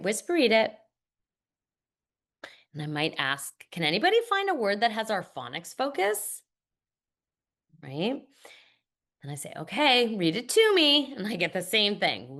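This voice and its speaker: Slow, deliberate woman teacher. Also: mid-range voice, fairly bright tone. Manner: models classroom routines, slow and deliberate. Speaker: literacy instructor. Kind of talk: teacher training demonstration.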